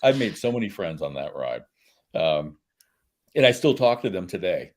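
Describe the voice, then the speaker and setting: Animated man telling stories. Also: low-pitched, normal speed. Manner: animated storyteller, laughs often. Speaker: guest. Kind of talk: casual interview chat.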